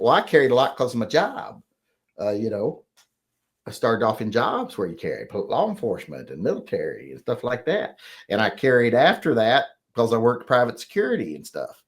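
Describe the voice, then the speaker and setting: A man's voice: medium pitch, fairly bright tone. A middle-aged man with a drawl, hosting a casual livestream and reading chat, blunt and opinionated.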